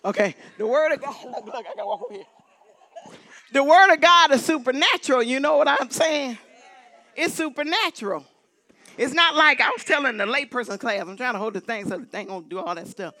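A woman preaching a lively sermon in church, repeating emphatic exhortations to her congregation. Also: fairly high pitch, brisk, no room sound. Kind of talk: lively sermon with holy laughter. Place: church sanctuary.

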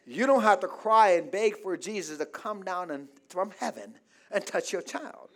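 A man preaching a call-and-response sermon as pastor, calling for amens, prompting the congregation to fill in words and building to shouts. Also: high-pitched, lively intonation, moderate pace. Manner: preaching with calls of "say amen, somebody" and rising shouts. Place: church.

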